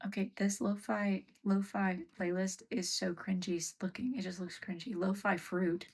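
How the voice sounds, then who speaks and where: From her home workspace, a woman chats casually on a livestream, rambling and scolding her pets with soft muttered asides. Her voice is mid-range and slightly rough, steady in tone, at a normal speed.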